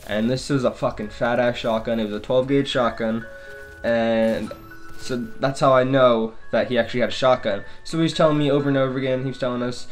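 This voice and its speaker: A young man talks straight into the mic, telling a story from his own life. He is casual and loose, and he swears and circles back over the same points. A soft music bed plays underneath. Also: medium pitch, fairly even intonation, a little fast. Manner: casual, swearing, repeats himself. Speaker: storytelling vlogger.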